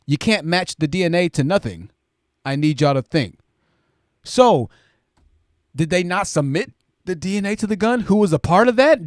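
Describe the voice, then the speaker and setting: A man hosts a live stream, reading viewers' super chats out loud and reacting with animated exclamations as he thinks aloud. His voice is high-pitched, and the studio recording is clean with no echo.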